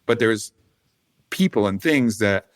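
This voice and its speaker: Low-voiced man telling a rambling story. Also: expressive, measured pace. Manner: rambling, swearing, laughing asides. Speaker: podcast guest. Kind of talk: casual storytelling.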